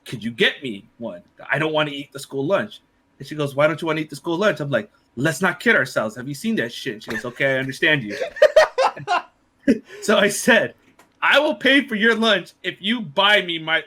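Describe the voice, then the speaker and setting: A young man spins a funny tale among friends, his voice lively and leaping up and down in pitch. The tone is bright and forward. He laughs often and swears as he talks. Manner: animated, laughing, swears freely. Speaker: podcast co-host. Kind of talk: casual storytelling among friends.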